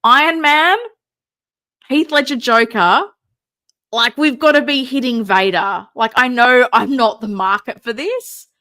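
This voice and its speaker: A woman's voice: a little high, unhurried, bright, forceful tone. An Australian woman hosting a casual livestream, tired and rambling, with a wry, mumbly way of talking. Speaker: host of a figure collecting livestream.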